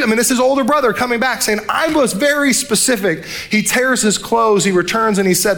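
Animated high-voiced male preacher. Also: a little fast, gravelly, hardly any pauses. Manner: animated preaching, acting out characters' lines. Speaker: pastor. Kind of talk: sermon.

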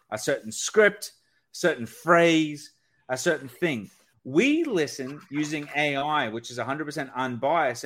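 His voice leans toward the high side. Guesting on a conversational podcast as a sales expert, the man talks with energy and acts out how sales calls go.

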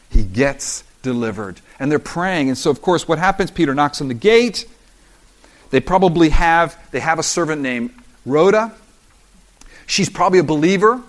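A man preaching a sermon as pastor, animated and acting out the voices of the story. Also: fairly high pitch. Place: church in South Florida.

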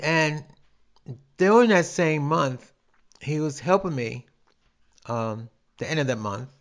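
A man's voice: on the high side, expressive, slow pace, low-quality recording. An older man, telling a personal story in a rambling, casual way with restarts. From New York. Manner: rambling, with restarts and dialect grammar.

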